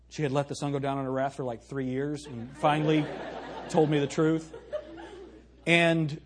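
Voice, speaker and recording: A man's voice: fairly high pitch, breathy edge. A male pastor preaching an emphatic sermon, asking his congregation questions and reading scripture aloud.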